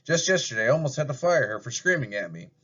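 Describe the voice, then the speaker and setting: A worn-out village butcher grumbling about his worker, as a man plays him. His voice sits at a plain middle pitch and sounds exasperated. The recording is dull and lo-fi. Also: very animated, fast talker, a bit bright, husky. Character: weary middle-aged male village butcher.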